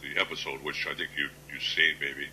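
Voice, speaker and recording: Interview guest, male, 60s, very deep but bright-edged voice, plainspoken storyteller. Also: flat delivery, slight background noise, rough recording. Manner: unhurried, plainspoken anecdotes. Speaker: guest author.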